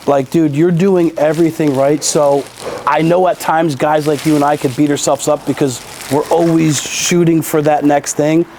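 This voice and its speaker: A man hosts a podcast interview with a somewhat high voice. He is chummy and blunt, heaping encouragement on his guest. Faint noise hums behind him. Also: steady tone, normal speed, mellow. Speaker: podcast host. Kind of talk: casual interview conversation.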